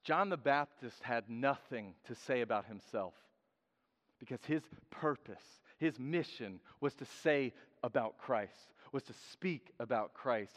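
A man preaching a sermon in a lively, joking way, acting out quotes in different voices. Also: medium pitch, a little slow. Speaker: pastor. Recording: dull sound with long hall reverb.

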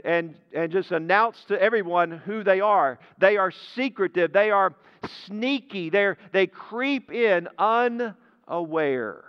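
A pastor in a church sanctuary preaches in a high, smooth voice at a slow, measured pace. He leans on key words and lets each phrase sink low at its end. The sound is dull and lo-fi, with a long reverb tail from the hall. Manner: deliberate, emphatic preaching that drops low at phrase ends. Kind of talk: sermon.

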